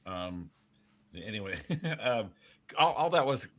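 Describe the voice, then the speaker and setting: A man's voice: mid-range voice, very animated, slow pace. A man co-hosting a casual livestream chat, laid-back and teasing. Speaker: co-host.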